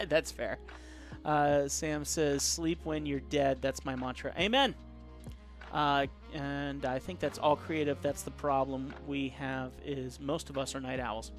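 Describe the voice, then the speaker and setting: A man's voice: medium pitch, level tone, unhurried, faint music behind. A man live-streaming his drawing, chatting casually and reading viewer comments aloud in a rambling way. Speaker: caricature artist live-streaming.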